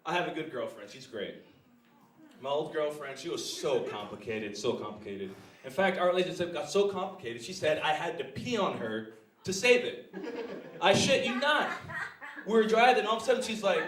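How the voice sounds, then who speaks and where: A man's voice: on the high side, big pitch swings, moderate pace, fairly bright tone. A young man performing crude stand-up, laughing at his own jokes. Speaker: stand-up comedian. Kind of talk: live stand-up routine. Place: small comedy club stage. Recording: roomy live venue from far off.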